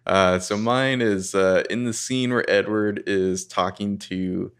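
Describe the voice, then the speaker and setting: A man with a very deep voice full of gravelly fry. He co-hosts a casual movie-review chat, rambling along and laughing often. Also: steady tone, takes it slowly. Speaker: podcast co-host.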